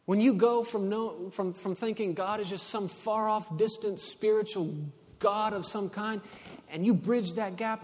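A man with a high voice preaches to a congregation in a big hall, and long reverb trails after every line. He moves between hushed, intimate passages and loud, emphatic ones. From Texas. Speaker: pastor. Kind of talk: sermon.

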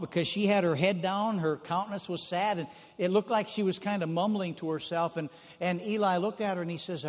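Male preacher, high-pitched, homey storyteller who circles back on phrases; long hall reverb. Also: steady tone, moderate pace. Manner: folksy storytelling, repeats phrases for emphasis. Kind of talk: sermon.

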